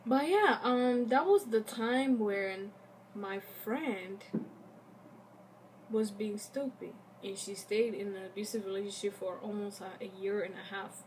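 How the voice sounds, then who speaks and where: A young woman vlogger telling a casual storytime, animated and acting out the quotes of the people in it. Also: medium pitch, measured pace, slight background noise.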